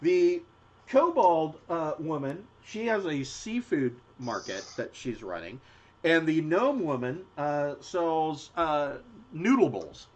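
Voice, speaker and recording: A man's voice: on the high side, very animated, slow pace, darkish tone. A man narrating a tabletop game as game master, hesitant, with many fillers and restarts. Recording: dull lo-fi audio.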